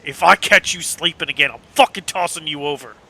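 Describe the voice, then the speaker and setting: A man voicing a grumpy old hunchbacked male sailor who shouts and curses as he scolds. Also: on the high side, a little fast, exaggerated voice. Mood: angry.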